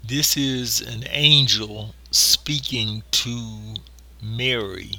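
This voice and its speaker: A man preaching a sermon, slow and deliberate, leaning on emphatic pauses. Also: medium pitch, fairly even intonation, bright, forceful tone.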